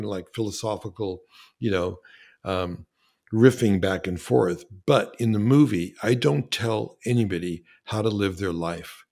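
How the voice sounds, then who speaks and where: A man who is a filmmaker guest on a podcast, speaking in a lively, enthusiastic way with frequent restarts. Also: on the low side. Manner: animated, enthusiastic, with frequent restarts and acted-out quotes. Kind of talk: casual interview conversation.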